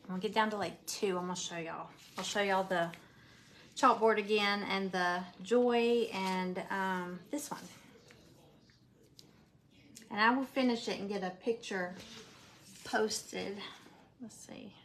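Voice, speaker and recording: A craft live-stream presenter chats casually with viewers, calling them "y'all," as she works on a craft project with her hands from home. Her medium-pitched voice is fairly bright, with fairly even intonation and an unhurried pace. There's slight background noise.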